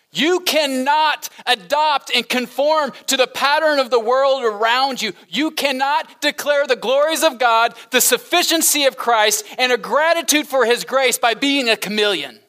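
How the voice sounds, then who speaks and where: A middle-aged man preaching a sermon as pastor, animated and humorous, breaking into laughter during his asides. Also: very high-pitched.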